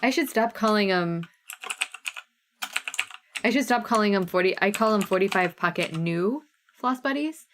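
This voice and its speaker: A chatty woman in her thirties with a Midwestern American accent, hosting a live craft sale from home. She talks casually and brightly, greeting viewers by name between items. Her voice sits in an ordinary middle pitch. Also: animated, normal speed, pauses often, slight background noise. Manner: chatty, reads out viewer names, bubbly. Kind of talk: casual live-stream chat.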